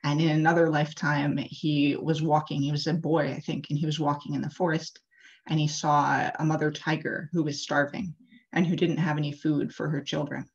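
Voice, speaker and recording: Woman interfaith leader, low voice, casual chatty sermon delivery, muffled video call sound. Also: flat delivery, moderate pace. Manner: casual, chatty, many "like" and "uh" fillers. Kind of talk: storytelling sermon. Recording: dull lo-fi video call audio.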